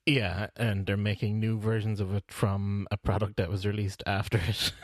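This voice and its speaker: A man's voice: fairly low pitch, little pitch movement, moderate pace, no room sound, studio quality. A man co-hosting a podcast in casual chat, rambling with lots of fillers and restarts. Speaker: podcast co-host.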